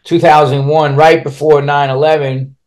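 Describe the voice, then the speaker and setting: With a slightly high, darkish voice that barely moves in pitch, a podcast guest narrates his personal history at a moderate pace. He curses openly and speaks bluntly, wandering through the tale and frequently restarting.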